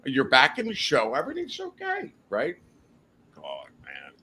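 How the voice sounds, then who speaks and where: A man's voice: medium pitch, wildly swooping pitch, takes it slowly, sharp tone, a little hiss or hum. A man casually telling rambling, profane anecdotes on a podcast, laughing as he goes. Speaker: podcast guest telling stories. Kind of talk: casual storytelling chat.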